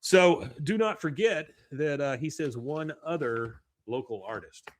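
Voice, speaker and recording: A man's voice: a little high, unhurried, a little hiss or hum. A man hosting a podcast, recapping an episode in casual chat and acting out the characters' lines. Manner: animated retelling, voicing characters' lines. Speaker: podcast host.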